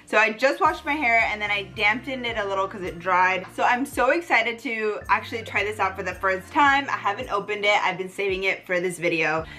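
Young woman vlogger, excitable and gushing, bright voice, mid pitch. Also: a little fast, hardly any pauses. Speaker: beauty vlogger. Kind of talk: casual vlog chat.

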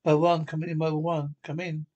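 A man's voice: a little high, level tone, fast, a little mellow. A man reading a film script aloud by himself, voicing every character with urgent, clipped lines. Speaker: script reader.

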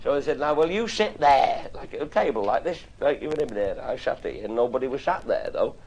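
A man's voice: medium pitch, lively intonation, quick pace, a little mellow, breathy edge. A man telling salty, earthy stories to a live audience, swearing casually and chuckling as he goes. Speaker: comedic raconteur. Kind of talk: anecdotal storytelling to a live audience. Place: live event before an audience. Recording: live audience laughter behind.

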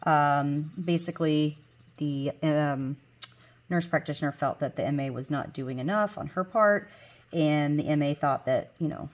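Chatty woman in her forties, low voice. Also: measured pace. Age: 40s. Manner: chatty storyteller, rambling with fillers and self-corrections. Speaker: vlogger. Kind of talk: casual chat while counting cash.

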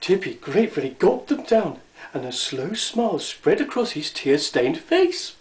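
Animated male storyteller reading aloud. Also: fairly high pitch, unhurried, roomy sound, rough recording.

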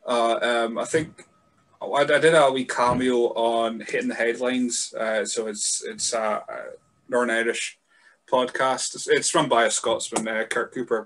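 A man with a light Scottish accent hosting a casual podcast chat over a remote call, self-mocking and quick, with lots of stammered restarts and the odd swear. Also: mid-range voice, a bit bright, a little hiss or hum. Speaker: podcast host.

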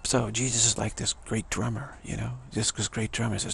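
A man's voice: fairly low pitch, steady tone, moderate pace, gravelly, fairly bright tone, breathy edge. A man talking in a loose, rambling monologue to an audience, repeating himself and breaking into scat-like asides. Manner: loose, repetitive, drum-like scatting and asides. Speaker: speaker addressing an audience.

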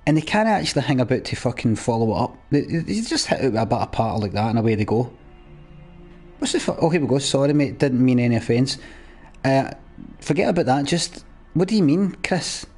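A man's voice: medium pitch, very animated, a little fast, long pauses, darkish tone, husky, soft background music. A young man live-streaming a game, chatting casually and ranting at his viewers with plenty of swearing. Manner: sweary, ranting at chat in a mock-exasperated way.

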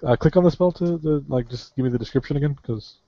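A man's voice: fairly high pitch, quick pace, no room sound, lo-fi sound. A man running an online tabletop game as game master, talking casually with many fillers.

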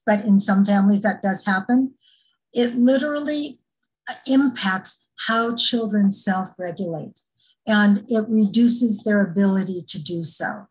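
Calm woman presenting a parenting workshop. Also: medium pitch, rough recording. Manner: calm, earnest, explains step by step with many fillers. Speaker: former teacher.

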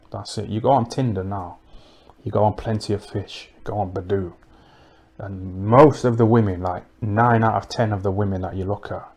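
A man doing a rambling comic monologue, deadpan and crude, mocking people and tacking "innit" and "you know what I mean" onto his lines. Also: on the low side, husky. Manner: deadpan, crude and mocking, full of tag questions. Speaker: comedic livestream host.

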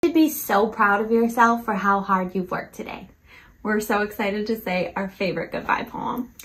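A woman teaching young children, warmly praising them and chanting rhymes. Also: mid-range voice, normal speed. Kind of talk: children's lesson.

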